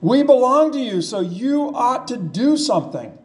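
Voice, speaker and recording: A man's voice: very high voice, sing-song, moderate pace. A man preaching a sermon in a conversational way, paraphrasing scripture and asking rhetorical questions. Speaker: pastor.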